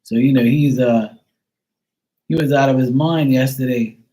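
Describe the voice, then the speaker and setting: A man's voice: medium pitch, steady tone, normal speed, warm tone, rough recording. Blunt, profane man ranting casually. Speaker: livestream host. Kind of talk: casual storytelling rant.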